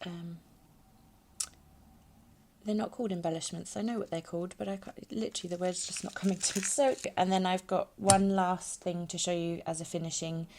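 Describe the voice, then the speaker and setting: A woman hosting a craft tutorial, hesitant with many ums, dropping to soft murmurs as she works with her hands. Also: on the low side, fairly even intonation, normal speed, a little hiss or hum. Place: home craft space.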